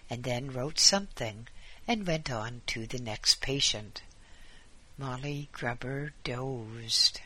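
Husky guy reading a story slowly, bright tone. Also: medium pitch. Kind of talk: slow storybook narration.

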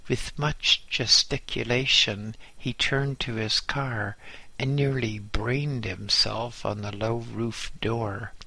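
A man narrating a memoir audiobook in a measured, dryly humorous way. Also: mid-range voice, steady tone, creaky, sharp tone, no room sound.

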